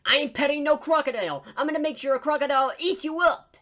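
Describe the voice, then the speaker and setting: Cranky cartoon duck, raised pitch, squabbling and squawking. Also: quick pace, sharp tone. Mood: bickering. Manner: squawky, bickering, trash-talking. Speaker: gameplay YouTuber. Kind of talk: in-character game commentary.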